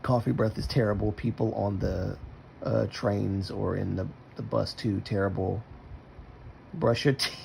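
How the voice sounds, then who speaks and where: Man, livestreamer, low gravelly voice, mellow tone, rambling casual chat. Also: steady tone, unhurried, slight background noise. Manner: rambling, self-talking. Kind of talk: casual stream chat while using a computer.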